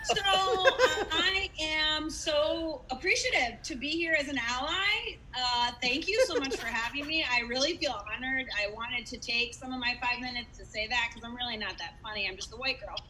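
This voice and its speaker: High-voiced self-deprecating woman comedian. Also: normal speed, hardly any pauses, background noise. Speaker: stand-up comedian. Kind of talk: stand-up comedy set.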